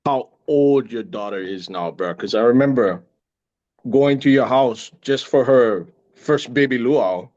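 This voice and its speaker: A man's voice: medium pitch, a little slow, muffled recording. A middle-aged man, an actor chatting casually as a guest and telling stories with lots of laughter. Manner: laughing, animated storyteller. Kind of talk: casual chat.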